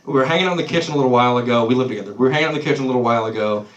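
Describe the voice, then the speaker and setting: A man's voice: mid-range voice, racing, a bit bright, highs cut off. Roomy, distant stand-up comic, man. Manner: loose, swearing, loses his place and laughs it off. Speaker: stand-up comedian. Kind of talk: live stand-up set. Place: small comedy club stage. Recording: roomy club sound from off-mic.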